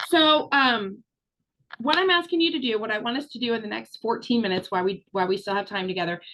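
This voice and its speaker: A woman's voice: a little high, fairly bright tone, low-quality recording. A middle-aged woman coaching a group on a video call, chatty, encouraging and frank, with the odd swear word. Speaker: business coach. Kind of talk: live online training talk.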